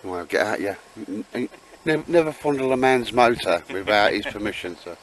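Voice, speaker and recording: A man's voice: lowish voice, animated, a little fast, a little hiss or hum, rough recording. Guy joking around with his mates, cheeky banter, outdoors camping. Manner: joking, teasing, chatty with lots of "mate" and "sir". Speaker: vlogger. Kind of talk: casual banter. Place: outdoor campsite.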